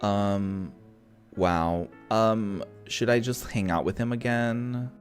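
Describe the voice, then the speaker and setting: A man's voice: on the low side, slow, soft background music. A man giving casual, playful commentary over a video game, teasing the characters and laughing at the dialogue. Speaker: gaming video creator.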